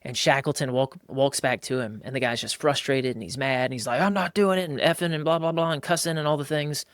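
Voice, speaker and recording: Guy hosting a podcast, punchy and animated, average pitch, dry close sound. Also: a little fast, clean tone, no room sound. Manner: emphatic and animated, acting out quotes in a higher voice. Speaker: podcast host. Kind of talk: casual podcast talk on faith and marriage.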